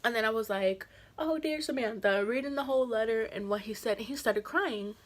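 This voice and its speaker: A young woman records a casual story-time vlog. She talks in loose slang and stays animated throughout, slipping into reenactments of the dialogue in her retelling. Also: fairly high pitch, brisk. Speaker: vlogger telling a story.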